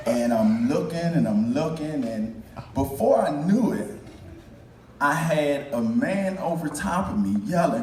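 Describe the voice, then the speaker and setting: A man telling a funny personal story on stage at a live event, halting and repeating words, self-mocking, recorded in an echoey hall from a distance. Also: a little high, animated. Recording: echoey hall, mic at a distance, faint noise.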